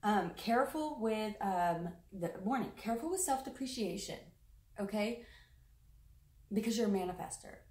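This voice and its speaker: With lively intonation and a darkish, mid-range voice, a woman gives a rambling, effusive tarot reading to camera at a moderate pace. She fills it with fillers and the odd swear word, and the sound is roomy and a little far from the mic.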